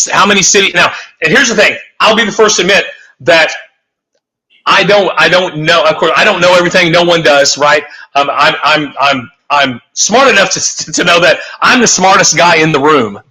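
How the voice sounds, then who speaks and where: A man's voice: on the high side, moderate pace, sharp tone, low-quality recording. A man on a talk show giving a heated, profane, rambling rant, full of emphatic restarts. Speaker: guest.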